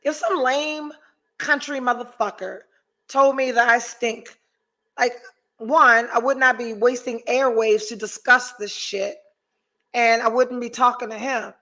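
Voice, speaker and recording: Chatty podcast host lady, bright sharp voice, swears a lot, talks to her viewers. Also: on the high side, unhurried. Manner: profane, animated storytelling. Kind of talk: casual chat with live chat readers.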